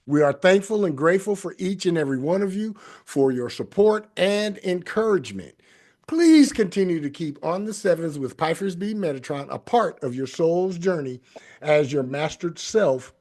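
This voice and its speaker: Man, spiritual show host, fairly high-pitched, emphatic, repeats himself, sing-song. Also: expressive, normal speed, darkish tone. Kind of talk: spiritual talk show, casual group chat.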